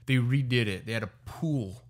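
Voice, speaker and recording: A young man co-hosting a relaxed podcast, recorded on a podcast mic. He tells a story in an animated way and slips into voices for what others said. His pitch sits in an ordinary middle range for a man. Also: moderate pace. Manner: animated storyteller who acts out quoted lines. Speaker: podcast co-host. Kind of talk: casual podcast chat. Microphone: podcast microphone.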